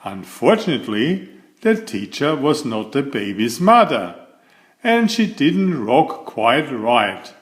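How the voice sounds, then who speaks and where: A man reading a picture book aloud, narrating in an expressive storytelling manner. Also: medium pitch, takes it slowly. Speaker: storybook reader.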